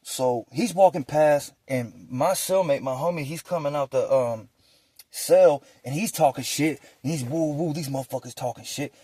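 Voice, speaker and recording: Young adult man, storytelling, street slang, mellow voice, dry close sound. Animated, acts out dialogue. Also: a little high, normal speed, slightly rough, dry recording. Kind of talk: casual prison storytime.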